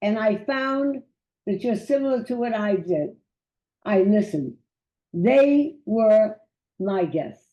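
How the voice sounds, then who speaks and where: An older woman and great-grandmother chatting as a guest, a lively storyteller who repeats words as she goes. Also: medium pitch, slow, echoey room. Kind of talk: casual chat. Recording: dull lo-fi sound.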